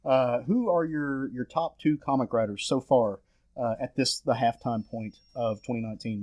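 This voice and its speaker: A man's voice: medium pitch, moderate pace, darkish tone. A man hosting a casual podcast chat about comics, enthusiastic and prone to restarts. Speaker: podcast host leading the discussion.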